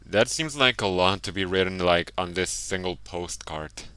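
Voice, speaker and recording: A man with a low, smooth and resonant voice gives casual commentary over a horror game. His tone is bright and clear, and he muses aloud in a relaxed way as he reads the game's text. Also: normal speed, no room sound. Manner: muses aloud, laughs at his own jokes. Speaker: let's play streamer.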